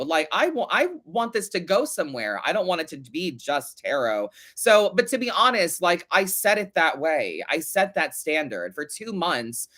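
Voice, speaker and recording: A young man talks through a casual podcast monologue, ranting with sarcasm and frequent swearing. His voice is bright and a little tense, sitting slightly high for a man. He sounds animated and exasperated throughout. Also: moderate pace, hardly any pauses. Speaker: podcast host and tarot reader.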